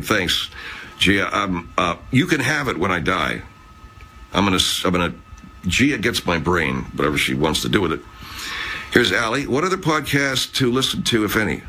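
A man's voice: on the low side, pushed and bright, husky. A man hosting a casual live chat, rambling, swearing, and reading out viewer comments. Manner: rambling, profane, chatty. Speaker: livestream host.

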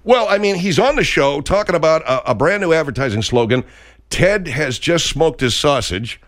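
A man hosting a comic radio talk show, animated and quick to backpedal. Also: fairly high pitch.

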